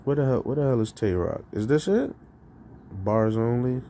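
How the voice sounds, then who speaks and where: A man's voice: normal speed, slight background noise. Rambling, profane male streamer. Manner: rambling and profane, laughing between lines; animated, jumps between loud outbursts and low mutters. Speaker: streamer and rapper. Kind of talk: casual live-stream chat.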